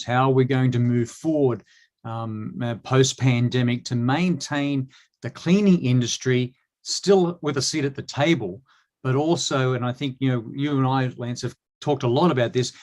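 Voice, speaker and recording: An Australian man talking as a guest in a casual chat, halting, with many restarts and fillers. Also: mid-range voice.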